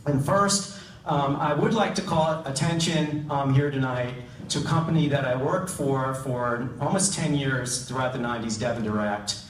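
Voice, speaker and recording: A man's voice: medium pitch, moderate pace, a little hiss or hum. A middle-aged man giving an award acceptance speech in a large event hall, hesitant, with many ums and self-deprecating humor. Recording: roomy hall, distant mic, faint ambience.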